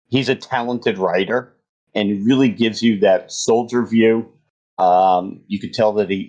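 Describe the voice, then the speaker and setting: A man's voice: on the low side, lo-fi sound. A man hosting a casual gaming podcast interview, conversational and enthusiastic. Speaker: podcast host.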